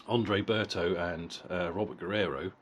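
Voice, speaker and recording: A man's voice: low-pitched, lo-fi sound, a little hiss or hum. A middle-aged man giving a casual, blunt boxing fight review, swearing freely and often repeating words as he goes. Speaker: boxing vlogger.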